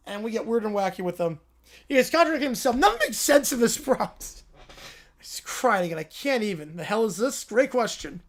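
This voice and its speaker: A high-pitched man hosting a loose, chatty livestream. He reads viewer prompts aloud and breaks in with amused, sarcastic asides. His delivery is casual and quick-witted. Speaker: livestream host. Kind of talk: casual livestream reaction chat.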